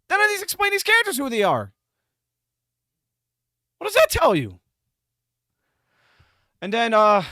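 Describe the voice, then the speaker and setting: A man rambles through an exasperated movie review, restarting his sentences as he goes. His voice is bright and a little high, with pitch that jumps around a lot. The sound is dry and close. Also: no echo. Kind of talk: casual spoken movie review.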